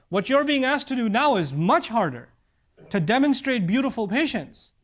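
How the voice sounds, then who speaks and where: A man with a notably high voice preaches about parenting, earnest and direct. He drives his points home by repeating key lines and recites Arabic verses at speed. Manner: recites Arabic scripture quickly. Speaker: Islamic preacher. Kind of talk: religious talk on parenting.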